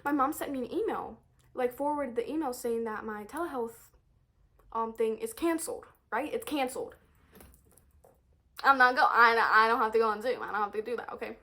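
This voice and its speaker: A teenage high school girl with a high voice rants to her camera in a storytime vlog. She talks in an exasperated, animated way, repeating lines and swearing as she piles on complaints. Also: normal speed. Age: teens. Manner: exasperated, animated ranting with frequent swearing and repetition.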